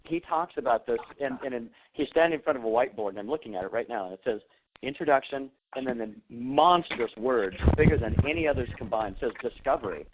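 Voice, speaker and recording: A man's voice: medium pitch, lively intonation, fast. Man, earnest coach, emphatic, tinny phone sound, faint hiss. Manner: earnest, emphatic, repeats phrases. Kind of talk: casual coaching on a group call. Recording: tinny phone-line audio with faint noise.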